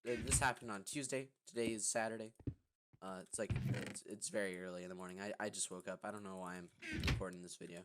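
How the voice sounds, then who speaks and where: A young male vlogger tells a story casually while gaming, rambling with plenty of fillers and restarts. He talks fast in a steady, lowish voice, and the recording is noisy with clicking.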